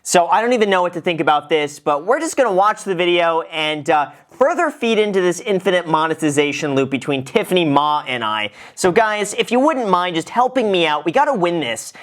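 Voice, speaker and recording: A man's voice: sits high, lively intonation, fairly quick, few pauses. A man hosting his own show, giving a casual reaction commentary in a playful, joking way and laughing often. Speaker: show host.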